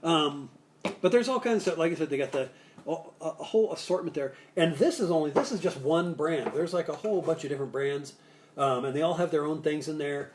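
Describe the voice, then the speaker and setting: Male cocktail-show host, voice pitched a bit high, casual live chat, rambling and joking. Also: fairly quick, background noise. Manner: rambling and jokey, with many restarts and asides. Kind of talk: casual live-stream chat with bartending tips. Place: Salt Lake City area.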